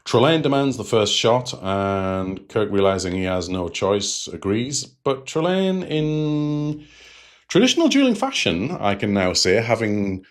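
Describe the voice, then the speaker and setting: Low-voiced man recapping casually. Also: big pitch swings, a little slow. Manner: rambling and digressive, with frequent fillers. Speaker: host of a TV episode review channel.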